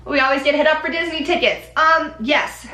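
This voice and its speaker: A young woman chats to the camera with a bright, clear voice, sitting a little high in pitch. She talks in a lively, rambling way, full of ums and likes. The room around her gives off a noticeable echo. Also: moderate pace. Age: young adult. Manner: chatty, animated, with frequent ums and likes. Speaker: Disney College Program vlogger. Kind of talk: casual chat.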